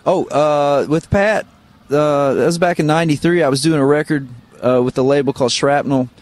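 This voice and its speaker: A middle-aged man from Missouri, a guitarist guest, telling relaxed, rambling stories full of fillers in an interview. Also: on the high side, normal speed, no echo. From Missouri, United States. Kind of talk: casual interview storytelling. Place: radio studio.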